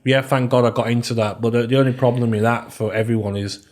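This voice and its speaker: A man's voice: medium pitch, steady tone, fast, darkish tone. A man in his thirties with a Birmingham accent, a podcast guest talking casually and leaning on fillers and "you know what I mean". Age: 30s. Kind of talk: casual interview chat.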